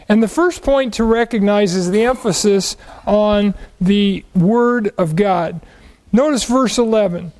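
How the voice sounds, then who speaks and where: A man's voice: high-pitched, a little mellow, low-quality recording. A man teaching the Bible verse by verse, asking questions and answering them, leaning on key words.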